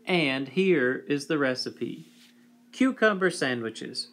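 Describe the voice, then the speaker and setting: A man reading a whimsical children's story aloud with a slow, wry delivery, sometimes clearing his throat. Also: medium pitch, lively intonation, fairly bright tone.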